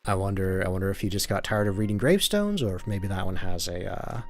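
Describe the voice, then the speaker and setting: A man's voice: sits low, animated, quick pace. A man streaming a game, chatting casually with wry, muttered asides. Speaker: let's-play streamer. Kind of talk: casual gameplay commentary.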